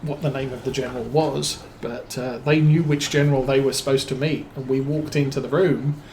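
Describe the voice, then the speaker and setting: A man's voice: medium pitch, fairly even intonation, fairly quick, a little mellow, reverberant, slight background noise, poor audio. A man streaming a game, telling a long rambling story with many fillers and restarts. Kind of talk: casual storytelling while playing a farming game.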